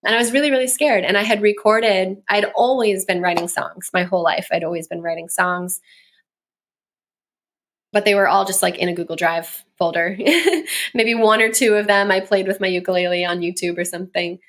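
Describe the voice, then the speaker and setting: A woman's voice: mid-range voice, fairly even intonation, moderate pace, a bit bright. A woman in her thirties, a guest on an interview show, telling stories in a chatty way and laughing often. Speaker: guest, communication coach and musician. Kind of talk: casual interview chat.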